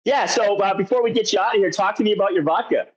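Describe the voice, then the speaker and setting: A man hosting a podcast in casual interview chat, easing into questions with relaxed, rambling lead-ins. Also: high-pitched, quick pace, breathy edge. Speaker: podcast host. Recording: dull lo-fi audio.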